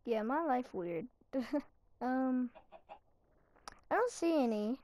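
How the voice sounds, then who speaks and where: A woman's voice: high voice, expressive, slow, a little mellow. A young woman giving rambling, self-mocking commentary while playing a game. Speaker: gaming channel host. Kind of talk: casual Minecraft commentary.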